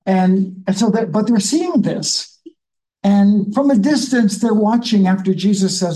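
Mellow-voiced, unhurried Bible study leader. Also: medium pitch, lively intonation, poor audio. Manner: reads scripture slowly, then reflects in a chatty, musing way. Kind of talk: conversational Bible teaching.

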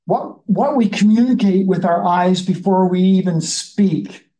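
A Bible study leader reads scripture slowly, then muses on it chattily in a conversational teaching style. The voice is medium in pitch and dark, with rough recording quality.

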